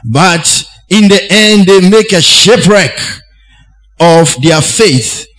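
Male preacher, fairly high voice, slow measured delivery, emphatic repetition. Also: lively intonation, a bit bright, low-quality recording. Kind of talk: sermon.

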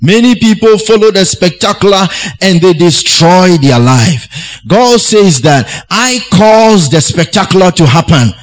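A man preaching a sermon, slow and deliberate, repeating key phrases for emphasis. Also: sits high, very animated, low-quality recording.

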